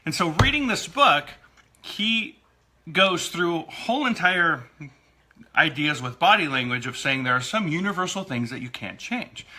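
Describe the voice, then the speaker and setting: A man's voice: on the high side, animated, a little slow, pushed and bright. A man co-hosting a casual talk show about marriage, self-deprecating and laughing often. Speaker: co-host and producer. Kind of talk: casual chat.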